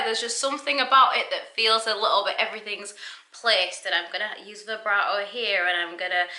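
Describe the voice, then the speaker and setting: A young woman talking through a casual reaction vlog, chatty and animated, often breaking off mid-thought. Her voice is very bright and cutting, and it echoes around the room she records in. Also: medium pitch, fairly quick. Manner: chatty, self-interrupting, animated. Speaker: YouTuber.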